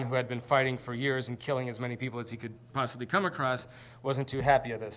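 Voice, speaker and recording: A man's voice: mid-range voice, slight background noise. A man presenting a seminar, telling history in an informal, conversational way. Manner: conversational storytelling. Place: presentation with slides.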